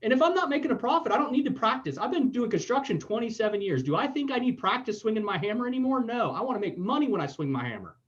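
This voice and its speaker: A man's voice: very high-pitched, sing-song, fast talker, hardly any pauses, a bit bright, dull audio. A podcast host from Florida, talking in a blunt, opinionated way and swearing as he chats. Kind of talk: casual opinionated chat.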